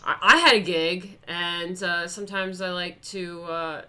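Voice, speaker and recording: A woman's voice: lowish voice, a little slow, pushed and bright, smooth. A woman with a New York accent hosting a casual late-night stream, rambling and swearing freely while getting over the flu. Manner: rambling and profane. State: sick with the flu. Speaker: host.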